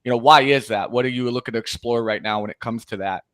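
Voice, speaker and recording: A man's voice: mid-range voice, fast talker, dry recording. A man who coaches sales, chatting casually about cold calling and acting out bits of calls. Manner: animated, acts out call snippets.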